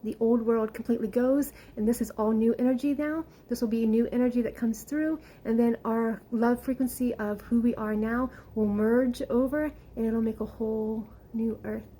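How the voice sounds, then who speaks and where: A woman talks through her spiritual visions in a casual, meandering way, leaning on fillers as she goes. Her voice sits a little high yet sounds mellow and soft. She speaks with heartfelt earnestness and is at times near tears. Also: steady tone, normal speed, hardly any pauses, slight background noise, low-quality recording. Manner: rambling, earnest, many fillers; emotional, close to tears at times. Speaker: spiritual channel.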